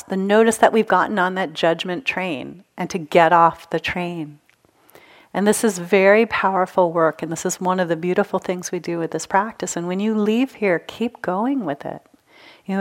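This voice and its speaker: A woman giving a gentle, engaging dharma talk to a live retreat audience as a meditation teacher. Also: medium pitch. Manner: gentle, engaging, asks the audience to raise hands.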